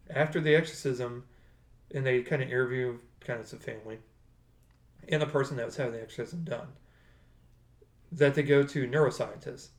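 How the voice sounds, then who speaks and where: A man chatting casually as a podcast co-host, rambling and correcting himself as he goes. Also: mid-range voice. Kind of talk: casual chat. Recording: roomy echo.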